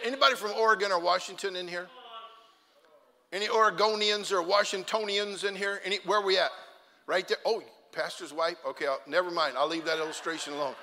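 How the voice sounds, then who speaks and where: A middle-aged male pastor preaching a sermon, telling humorous stories with animated outbursts to a church congregation. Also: high-pitched, gravelly, long reverb tail. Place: church sanctuary.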